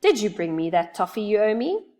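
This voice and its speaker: A woman's voice: mid-range voice, very animated, a little fast, mellow, lightly acted. A woman voicing a jolly male tree dweller who mumbles through a mouthful of toffee and yelps when frightened, in a storybook reading. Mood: cheerful.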